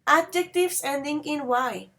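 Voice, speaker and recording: A woman leads an English grammar class, quizzing her students with patience and slowly spelling out word endings. Her voice is high-pitched with a fairly bright tone.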